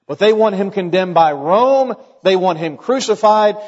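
Man preaching, kinda high voice, dramatic then hushed, muffled echoey church sound. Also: lively intonation, normal speed. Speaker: pastor. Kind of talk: sermon.

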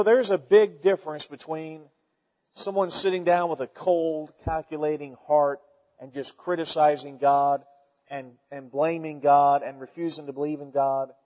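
High-voiced preacher in a reverberant hall. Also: male voice, a little mellow. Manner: preaching, rising to fervent emphasis, repeating words. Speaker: pastor. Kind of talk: sermon with scripture reading. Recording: dull lo-fi sound with long church reverb.

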